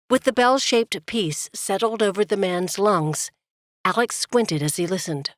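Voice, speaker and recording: A woman narrating an audiobook in a steady, measured way. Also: medium pitch, no echo, clean studio sound.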